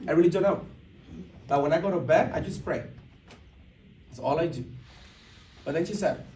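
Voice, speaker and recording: At a business event, a motivational speaker tells a story to a live crowd, animatedly acting out what people said and restarting often. His voice sits a little high, and there's a faint hiss or hum. The mic picks him up from a distance in a large, echoey indoor event room.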